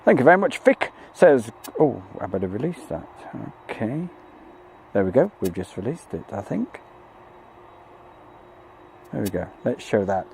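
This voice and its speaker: A man's voice: on the low side, sing-song, a little slow, vocal fry, pauses often, darkish tone, a little hiss or hum. A man hosting a live plane-spotting stream, chatting jokily and reading out viewer messages. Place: outdoors at an airfield.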